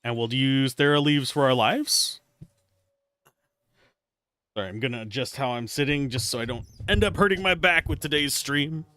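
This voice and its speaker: A man's voice: mid-range voice, normal speed, pauses often, clean tone, no echo. A man casually commentating his game on a live stream, chatty and joking as he plays. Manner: animated, chatty, jokey asides. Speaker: streamer playing a video game.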